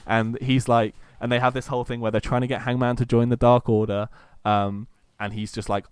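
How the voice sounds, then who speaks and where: A man's voice: medium pitch, level tone, brisk, smooth, dry recording. A man cohosting a casual podcast chat, eagerly retelling a long story and acting out quotes between many fillers.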